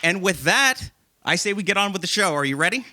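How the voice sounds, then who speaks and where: A man's voice: high-pitched, fairly quick, a little hiss or hum. A man hosting a live comedy show, telling a self-deprecating story to an audience in a theater. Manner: self-deprecating, animated, laughing at himself. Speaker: host and storyteller.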